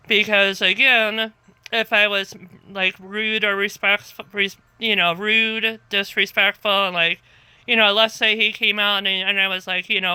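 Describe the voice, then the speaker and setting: A woman telling a story to the camera in a calm, rambling way that circles back and repeats itself. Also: medium pitch, measured pace, smooth, no echo. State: tired, half asleep. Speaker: vlogger.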